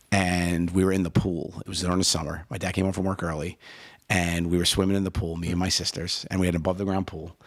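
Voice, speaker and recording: A man in his forties co-hosting a podcast, telling stories in a rapid, animated way. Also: sits low. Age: 40s. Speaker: podcast co-host. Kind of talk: casual podcast chat.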